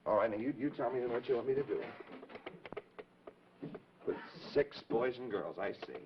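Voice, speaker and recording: A man's voice: medium pitch, very animated, moderate pace, pauses often. A man hosting a live 1950s children's TV show, cheerfully talking with kids in the audience, heard through a dull old broadcast recording with faint hiss. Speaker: children's TV host.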